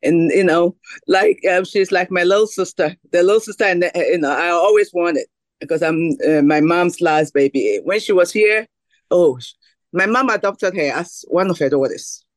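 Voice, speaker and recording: A woman calling in to a video call podcast, speaking warmly and haltingly with many pauses. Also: on the low side, no echo. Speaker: caller, family friend. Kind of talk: casual chat on a video call.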